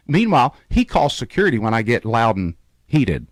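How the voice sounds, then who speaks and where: A man's voice: mid-range voice, very animated, normal speed, no room sound, studio quality. A man hosting a radio show tells a travel story. He acts out the people he quotes. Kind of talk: animated storytelling. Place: radio studio.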